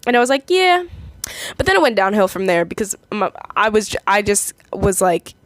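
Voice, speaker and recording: A woman's voice: medium pitch, a little fast, no room sound. A young adult woman casually reading online comments aloud and reacting to them, giggly and chatty, often stumbling and restarting her sentences.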